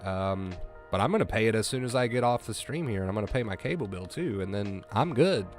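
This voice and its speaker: Male streamer, lower register, casual and emotional, voice cracking with gratitude. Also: animated, a little fast, faint music behind. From US East Coast. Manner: emotional, effusive thanks to viewers. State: voice breaking with emotion. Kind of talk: casual live-stream chat.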